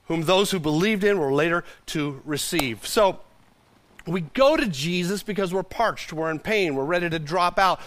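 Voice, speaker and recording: A male pastor preaching a sermon to a congregation in a conversational, animated way, often repeating words as he goes. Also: sits high, dry recording.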